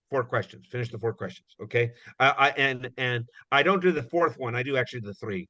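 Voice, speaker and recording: In a rambling, casual presentation on recruiting, a male guest speaker scatters "you know" throughout and acts out brief dialogues. He talks at normal speed in a mid-range voice with a bright, forceful tone. The recording is dull and muffled, without echo.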